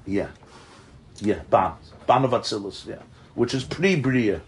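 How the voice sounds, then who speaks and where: A man's voice: fairly low pitch, lively intonation, unhurried, a little hiss or hum. A man teaching a Torah class, explaining ideas animatedly, chuckling often and mixing in Hebrew terms.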